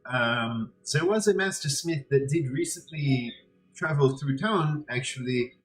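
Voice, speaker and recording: A man voicing a male dwarf blacksmith who talks in a halting, hesitant way, full of ums. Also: mid-range voice, slight background noise, natural voice, poor audio. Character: gruff male dwarf blacksmith, modest forge worker.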